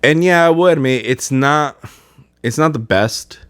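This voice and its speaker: A man's voice: a little high, a little slow, clear, resonant tone, no echo. A man hosting a podcast in casual chat, rambling with many fillers and restarts. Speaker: podcast host.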